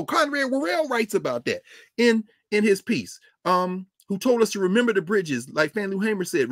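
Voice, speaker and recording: Emphatic, animated man lecturing. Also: high voice, moderate pace, no room sound, clean studio sound. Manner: emphatic, preacher-like rhetorical questions. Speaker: professor and regular guest commentator. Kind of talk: impassioned lecture.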